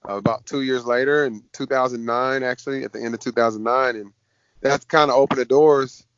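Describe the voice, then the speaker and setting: A man, a fighter being interviewed, telling stories in a casual, lively way. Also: mid-range voice, a little fast, clean tone, no echo. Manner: lively storyteller, acts out quoted voices. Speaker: MMA fighter guest. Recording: dull dry podcast audio.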